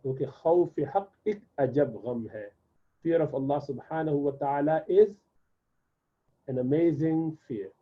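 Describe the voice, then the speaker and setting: Husky-voiced man teaching, tinny phone-like sound. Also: on the high side. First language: Urdu. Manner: patient, repeats and drills words slowly. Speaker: Arabic teacher. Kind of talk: classroom lesson explanation.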